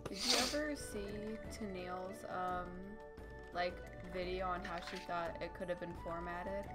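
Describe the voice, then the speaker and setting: A woman's voice: lowish voice, measured pace, loud music behind the voice. A woman co-hosting a stream, chatting casually with a teasing, filler-heavy manner. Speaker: stream co-host.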